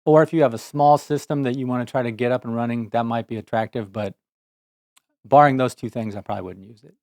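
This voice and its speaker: Plainspoken mid-pitched engineer. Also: male voice, steady tone, darkish tone, no echo. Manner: measured, plainspoken, with frequent fillers. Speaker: engineer, podcast co-host. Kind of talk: casual tech podcast chat.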